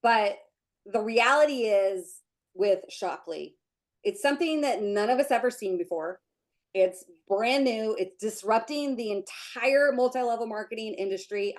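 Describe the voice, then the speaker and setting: A woman leading a team meeting on a video call, giving an emotional, gushing motivational pep talk. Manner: gushing, emotional, breaks into high excited chants. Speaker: team leader hosting a sales meeting.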